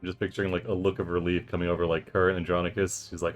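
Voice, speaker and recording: A man's voice: low-pitched, little pitch movement, fast. A man playing in a tabletop game, laid-back and laughing often. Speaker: player.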